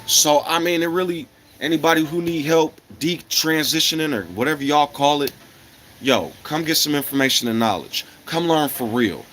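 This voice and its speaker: A man's voice: on the high side, moderate pace, fairly bright tone, a little hiss or hum. A man from America delivering an angry, profane monologue to his viewers, firing off rhetorical questions and coughing now and then. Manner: blunt, profane and combative, with repeated rhetorical questions.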